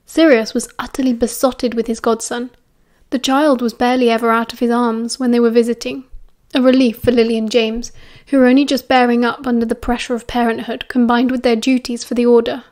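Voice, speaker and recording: A woman with a British accent reads an audiobook aloud. She narrates in a calm, even way, and her voice sits fairly high. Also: brisk.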